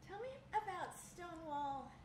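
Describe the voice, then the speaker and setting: A woman interviewer asking short, measured questions in an oral history interview. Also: very high-pitched. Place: in a bar. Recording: roomy with clear background noise.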